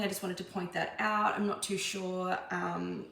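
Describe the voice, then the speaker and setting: Gravelly-voiced woman tarot reader, echoey room. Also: lowish voice, flat delivery, a little slow, a bit bright. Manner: meandering, many ums and restarts. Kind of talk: casual spiritual channeling monologue.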